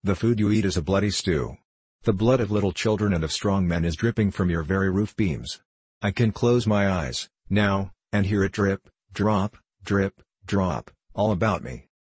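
A man's voice: low voice, normal speed, darkish tone, slightly rough, no room sound. A man reading a stern, blunt young agitator. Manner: blunt and cutting. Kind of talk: audiobook character reading.

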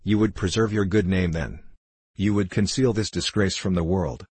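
A man's voice: low voice, moderate pace, a little mellow, slightly rough, dry recording. A man voicing a furious, proud old knight who speaks harshly and with scorn. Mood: bitter fury.

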